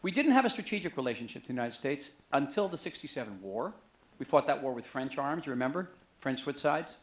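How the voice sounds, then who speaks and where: A man's voice: medium pitch, expressive, fast talker. A middle-aged man giving a book talk to an audience in a museum auditorium, conversational and joking. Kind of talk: public lecture to an audience.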